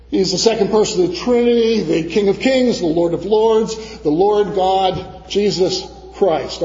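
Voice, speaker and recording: A man's voice: high voice, a little mellow. A man from preaching a sermon, telling a personal story and acting out the other people's voices. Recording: dull sound in a reverberant church hall.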